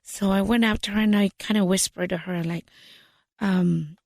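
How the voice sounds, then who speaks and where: A woman, telling a story lively as a podcast guest and mixing in phrases. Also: mid-range voice, normal speed, gravelly. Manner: animated storyteller, switches into Spanish phrases. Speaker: podcast guest, business founder. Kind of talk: storytelling in an interview.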